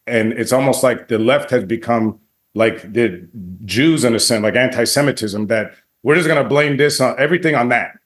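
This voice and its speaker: A man co-hosting a podcast, weighing his opinion thoughtfully with many restarts and pauses. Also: medium pitch. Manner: thoughtful, halting with restarts and fillers. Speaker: podcast co-host. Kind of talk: casual discussion.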